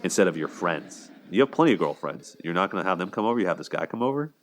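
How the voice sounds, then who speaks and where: A man's voice: deep voice, animated, fast. A man casually talking through a TV relationship, full of fillers, paraphrasing scenes in a lightly acted tone. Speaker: video commentator. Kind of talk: casual commentary on a TV show.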